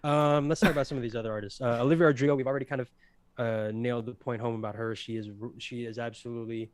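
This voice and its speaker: A man's voice: mid-range voice, fairly even intonation, racing, clean tone, dry recording. A young man co-hosting a casual livestreamed podcast, rambling with lots of fillers and easy laughter. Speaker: podcast co-host presenting awards.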